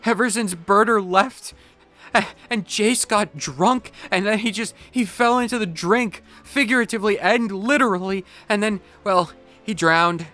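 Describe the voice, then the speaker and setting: A man voicing an excitable, loyal young male pirate sailor in a video game playthrough, with a put-on pirate accent. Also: high-pitched, a little slow, soft background music, pitched above the performer's own voice. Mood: overjoyed.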